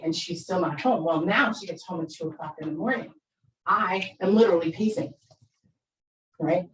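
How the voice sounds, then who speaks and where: A middle-aged woman with a lowish voice gives an animated storytelling talk on parenting, performing the quoted voices. There's slight background noise and a roomy, off-mic sound.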